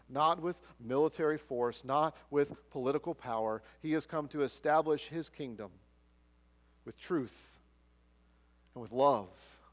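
A man preaching a sermon, swinging between loud proclaiming and hushed, low-spoken lines. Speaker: pastor. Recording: long hall reverb.

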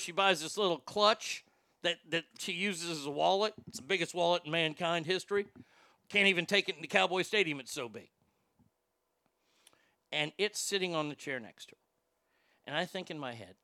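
A man casually telling a story on a chat show, animated and profane, jumping from loud bursts to hushed asides. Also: sits high, no echo.

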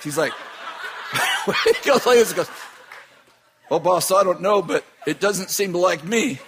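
A man's voice: sits high, a little slow, long pauses, noisy background. A man who runs a business telling a long funny story in a casual way, laughing often as he talks.

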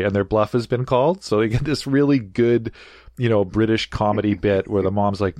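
A man's voice: fairly low pitch, steady tone, a little fast, a little mellow, dry recording, studio quality. A man hosting a casual film-discussion podcast, talking with enthusiasm, laughing often and acting out quoted lines. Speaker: podcast host.

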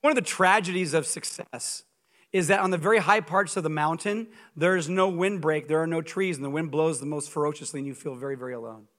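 A guest preacher, a man with a high, bright voice, delivering a sermon through lively stories. He is humorous and emphatic, pressing his points home with a forceful ring. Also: brisk. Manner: animated storytelling, humorous and emphatic.

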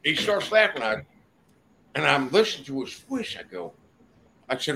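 A man's voice: fairly high pitch, big pitch swings, normal speed, creaky, pushed and bright, slight background noise. An older man, a podcast guest in a studio, telling rambling, profane stories in a casual chat. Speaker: guest storyteller.

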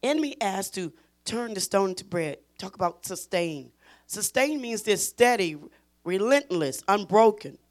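A woman teaching a Bible study in an emphatic preaching style, repeating phrases and pushing her voice toward a shout. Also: mid-range voice, expressive, measured pace.

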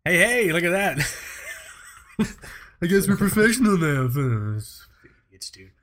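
Brief: man, slightly raised pitch, profane exasperated podcast co-host who laughs a lot. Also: very animated, slow pace, fairly bright tone, a little hiss or hum. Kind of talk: casual podcast chat.

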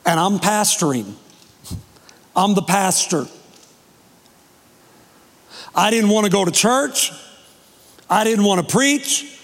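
A man preaching as pastor, telling a personal story emotionally with dramatic pauses. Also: high-pitched, lively intonation, a bit bright. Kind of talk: testimony sermon. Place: church sanctuary. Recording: long hall reverb.

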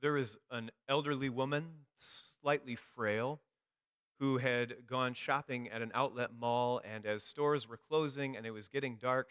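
Man, preacher, sermon, storytelling, dry humor, mid-pitched voice, dry sound. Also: a bit bright, clear, resonant tone, dry recording.

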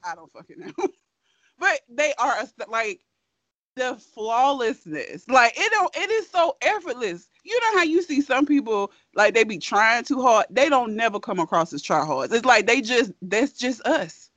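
A woman's voice: fairly high pitch, sing-song, normal speed, fairly bright tone, no echo. A woman in a casual chat who gushes with admiration, laughs often and swears now and then.

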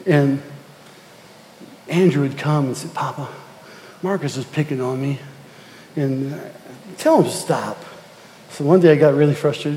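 Man, middle-aged, pastor, sermon, fairly high voice, repeats phrases, church hall echo. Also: unhurried, pauses often, warm tone, slight background noise. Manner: storytelling, repeats words, builds to emphatic rising exhortation. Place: church sanctuary. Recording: long reverb of a church hall.

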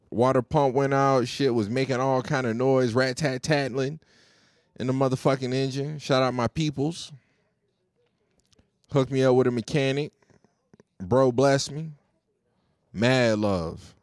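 Slow, laid-back man hosting a podcast. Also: medium pitch, no echo, studio quality. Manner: laid-back, slangy and profane. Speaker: podcast host. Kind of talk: casual solo podcast chat.

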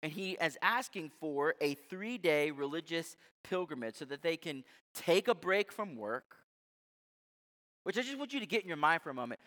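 Male pastor, fairly high bright voice, conversational and emphatic sermon, long hall reverb. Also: big pitch swings, moderate pace.

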